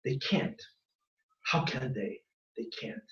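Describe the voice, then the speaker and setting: A rabbi giving an impassioned religious lecture, firing off rhetorical questions with emphatic force. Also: male voice, medium pitch, animated, slow pace. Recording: echoey hall, distant dull mic.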